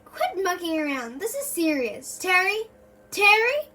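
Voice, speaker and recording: A woman's voice: sits high, lively intonation, unhurried, sharp tone, exaggerated voice. Woman reading as impatient boy detective Andy.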